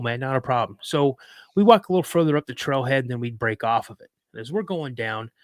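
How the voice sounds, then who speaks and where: A man of middling pitch tells a story in a casual, animated way, jumping into the quoted voices of the people in it and restarting his sentences as he goes. His voice sounds close and dry, with no room around it. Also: no room sound. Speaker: podcast guest.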